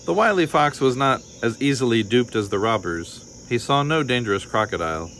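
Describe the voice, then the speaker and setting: A man reading a children's picture book aloud in a calm, measured storytelling voice. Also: mid-range voice, slight background noise, poor audio.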